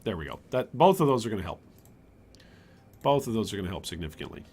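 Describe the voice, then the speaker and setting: A man streaming gameplay, chatty and animated, commenting on his build and answering chat. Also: fairly low pitch, fast talker, breathy edge. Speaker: streamer, game host.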